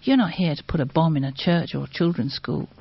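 A woman playing a young gunman who toys with his captive in a cold, taunting drawl. The voice sits a touch low and husky, with slow, threatening phrasing. The sound is dry and muffled. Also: no room sound, heavily acted. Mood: menacing. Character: menacing young male militiaman with a gun.

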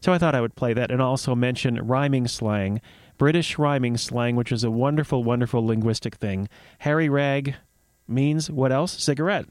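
A male radio host who chats playfully and wanders off into asides while telling stories. His voice sits at an ordinary middle pitch, and the recording is dry and close with no room echo. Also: moderate pace, a little mellow. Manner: playful, rambling and chatty. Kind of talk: casual radio talk and storytelling.

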